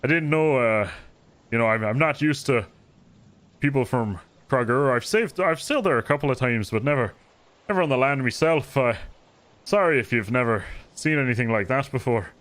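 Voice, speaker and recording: A man's voice: mid-range voice, lively intonation, normal speed, fairly bright tone, natural voice. A man voicing a female ship captain in a tabletop game, breezy and matter-of-fact. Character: ship captain woman, cool and unbothered.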